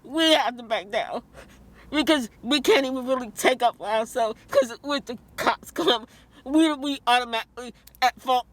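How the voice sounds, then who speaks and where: A woman vlogging in a heated, tearful rant, talking fast and quoting others. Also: on the high side. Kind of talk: emotional vlog rant.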